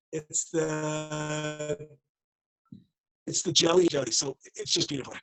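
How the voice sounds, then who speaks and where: A man's voice: on the high side, fairly even intonation, takes it slowly, long pauses, fairly bright tone. A man giving a playful, emphatic Torah talk over a video call, acting out the voices in his story. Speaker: rabbi giving a daily talk. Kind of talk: animated Torah talk with a joke.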